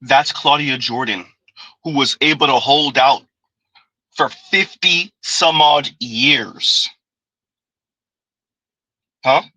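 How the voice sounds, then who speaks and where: A man's voice: mid-range voice, slow pace, pauses often, pushed and bright, no room sound, poor audio. Emphatic man hosting commentary. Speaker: commentary channel host. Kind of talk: reaction commentary on clips.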